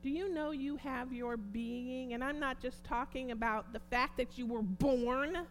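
A woman preaching a sermon and reading scripture aloud, moving from hushed tones to loud shouts. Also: sits high, steady tone, unhurried, a little hiss or hum, low-quality recording. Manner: passionate, swings from hushed to shouting.

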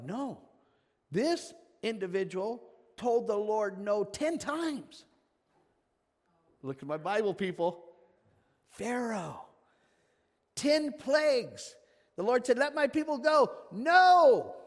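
In a large hall, a pastor with a high voice delivers a conversational, interactive sermon. He asks questions and calls on listeners by name.

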